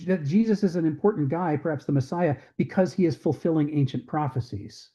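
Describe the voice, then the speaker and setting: A man's voice: on the high side, warm tone, dull audio. A man giving an unscripted history lecture, thinking aloud with frequent restarts and acting out quoted voices.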